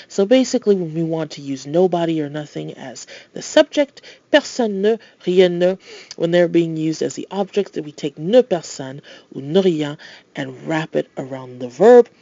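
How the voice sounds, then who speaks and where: Gravelly-voiced language tutor, dry and dull. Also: medium pitch, warm tone, no room sound. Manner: explains patiently, with playful asides; switches between English explanation and French example phrases. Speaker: French tutor. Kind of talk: recorded language lesson.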